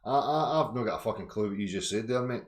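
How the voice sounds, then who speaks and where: A man hosts a casual live stream in a fairly low voice. He rambles earnestly and informally, full of fillers. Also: fast.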